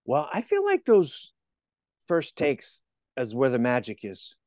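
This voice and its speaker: A man's voice: mid-range voice, huge pitch swings, a little slow, a little mellow, no room sound, clean studio sound. A man hosting an interview, chatting casually and encouraging his guest with enthusiasm. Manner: enthusiastic, encouraging, laughs often. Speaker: interview host.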